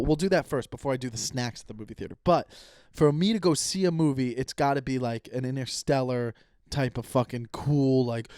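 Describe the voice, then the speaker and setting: A man in his thirties hosting a solo podcast, rambling and animated as he rants, swearing casually. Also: mid-range voice, no echo, clean studio sound. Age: 30s. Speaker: podcast host. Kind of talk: solo comedic podcast rant.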